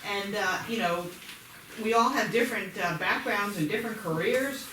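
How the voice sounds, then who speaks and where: A man's voice: high voice, moderate pace. A man on a school board, earnestly arguing his point in a meeting. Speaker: board member. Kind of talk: meeting discussion. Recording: echoey room from far off with background noise.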